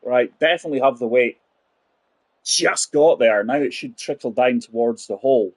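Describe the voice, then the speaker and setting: A man doing casual gameplay chat, forties, husky, dry close sound. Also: medium pitch, normal speed, no echo. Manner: chatty, rambling, talks to viewers as guys. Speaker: gaming channel host.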